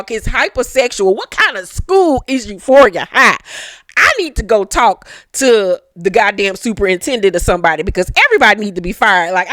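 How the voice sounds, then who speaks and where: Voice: mid-range voice, no room sound. A host recapping a television episode in a casual, comedic way, swearing freely and acting out the characters in shifting voices, with speech. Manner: animated, profane, acts out characters in shifting voices.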